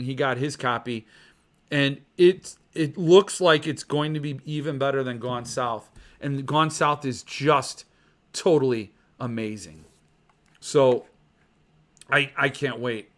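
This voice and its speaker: Excitable bright-voiced male host. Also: a little high. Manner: excitable, rambling, gushing. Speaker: podcast host. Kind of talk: casual livestream chat about book collecting.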